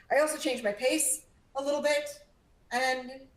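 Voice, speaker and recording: A woman coaching a live audience on public speaking, energetic and emphatic, shifting her volume and pace and leaning on pauses. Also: high voice, slight background noise. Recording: echoey room.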